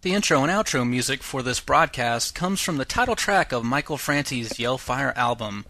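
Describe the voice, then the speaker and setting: A man hosting a radio show, reading scripted links in an even, measured announcer delivery. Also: medium pitch, no room sound. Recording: music bed under the voice.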